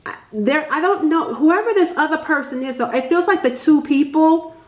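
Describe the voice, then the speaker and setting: A woman giving a casual tarot reading, chatty and excitable, thinking aloud and often laughing. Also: high voice, normal speed, dull audio. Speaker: tarot reader. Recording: echoey room.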